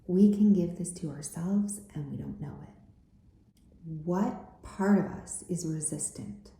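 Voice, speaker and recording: A woman healing coach giving an earnest self-help talk, repeating her points and often dropping to a breathy near-whisper. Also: fairly low pitch, measured pace, mellow. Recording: very echoey room.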